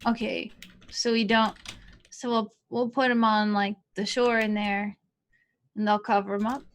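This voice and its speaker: A woman's voice: medium pitch, level tone, a little slow. A woman playing a tabletop game, chatting playfully with lots of fillers. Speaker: player. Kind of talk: casual tabletop role-play.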